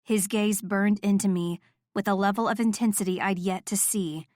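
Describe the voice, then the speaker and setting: A woman reading a first-person romance audiobook in a soft, intimate, measured voice. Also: medium pitch, fairly even intonation, no room sound, studio quality. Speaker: audiobook narrator.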